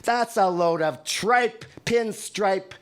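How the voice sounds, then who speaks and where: A Canadian man in his sixties performs wry, profane poetry on a live venue stage, holding a microphone in his hand. His voice is high and his pace slow.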